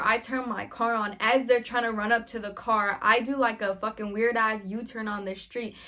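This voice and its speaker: A young woman vlogger telling a story in a casual, animated way, full of slang and swearing. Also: fairly high pitch.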